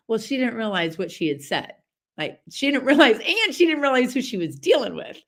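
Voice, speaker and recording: A woman hosting a podcast, talking in a casual, chatty motivational monologue with many fillers and lively storytelling. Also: on the high side, brisk. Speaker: podcast host.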